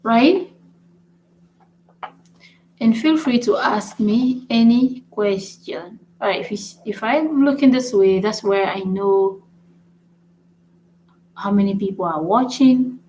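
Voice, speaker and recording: A woman's voice: medium pitch, takes it slowly, long pauses, darkish tone, slight background noise, low-quality recording. A woman hosting a casual live-streamed language lesson, chatty, repeating example words and often checking in with "right?". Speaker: language learning channel host.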